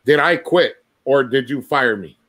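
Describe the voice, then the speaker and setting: A man's voice: mid-range voice, animated, a little slow, a bit bright. A man, a former co-host, arguing tersely and demanding yes-or-no answers. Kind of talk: heated confrontation.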